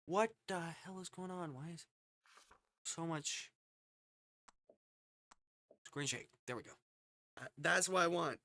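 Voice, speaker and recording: A man's voice: a little high, takes it slowly, long pauses, sharp tone, slight background noise. Muttering man streaming a game. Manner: muttering and swearing at lag, puzzled questions. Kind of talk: casual live-stream gaming talk.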